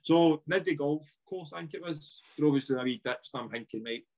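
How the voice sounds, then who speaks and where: A man in his thirties with a Scottish accent, a former footballer chatting as a podcast guest, telling stories in an animated way, swearing and acting out what people said. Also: on the high side, fairly quick. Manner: animated, laughing, swearing, acts out dialogue. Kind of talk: casual chat, storytelling.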